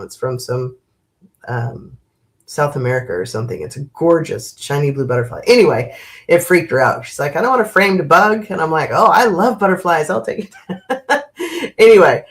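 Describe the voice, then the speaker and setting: Gentle rambling woman hosting a livestream. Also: deep voice. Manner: gentle, rambling, many fillers and restarts. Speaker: spiritual livestream host. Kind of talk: casual live chat with viewers.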